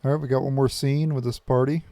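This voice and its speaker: A man hosting a gaming channel, reading game dialogue aloud for viewers in a plain, unhurried way with small restarts. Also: mid-range voice, steady tone, creaky, warm tone, dry recording.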